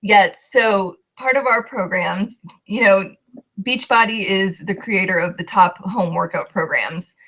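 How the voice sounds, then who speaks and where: A woman's voice: mid-range voice, a little slow, fairly bright tone. Emotional young woman sharing her story. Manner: heartfelt, voice shaking with emotion. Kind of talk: emotional personal testimony.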